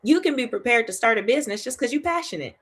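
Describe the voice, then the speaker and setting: A woman hosting a Bible study in a casual, chatty teaching style. She is animated, laughs often, keeps asking "right?" and repeats phrases for emphasis. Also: fairly high pitch, quick pace, breathy edge.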